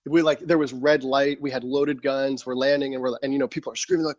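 A man who was once a soldier, telling stories from his service in a casual, animated chat, acting out his younger self. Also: medium pitch, fast talker, few pauses, no echo, highs cut off. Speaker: guest. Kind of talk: casual storytelling.

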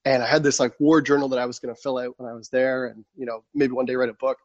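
A man in mid-range pitch recounts his past in an animated, conversational way and slips into the voice of his younger self. The sound is dry and close, with a slightly dull tone. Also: fast, no room sound. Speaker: guest. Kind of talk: casual storytelling.

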